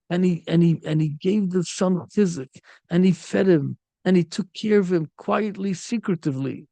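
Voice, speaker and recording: A rabbi teaching a Torah lesson, his voice high and gravelly with a rough, fried edge. He tells parables with feeling and slips into the voices of the figures he quotes. The sound is dry and close, with no room echo. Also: moderate pace. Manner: animated storytelling, acts out quoted speakers. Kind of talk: Torah lecture.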